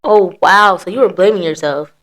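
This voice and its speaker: A woman's voice: on the low side, moderate pace, fairly bright tone. A woman hosting a podcast, telling her story in blunt, profane casual chat. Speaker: podcast host.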